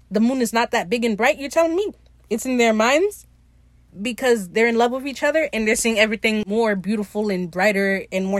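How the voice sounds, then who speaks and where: A podcast host recaps a TV episode in casual solo commentary, gushing excitedly about the show. She's animated, swears, and acts out the characters' lines in a medium-pitched voice with no echo.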